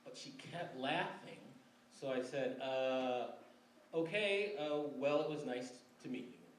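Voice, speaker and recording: A man in his forties from Michigan tells a personal story on stage in a relaxed, wry way, often laughing. He is picked up from a distance in an echoey room, with faint room noise behind him. His voice sits at a middle pitch. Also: unhurried. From Michigan, USA. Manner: wry, conversational, laughs between lines. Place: library event room before an audience. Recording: roomy live recording from a distance.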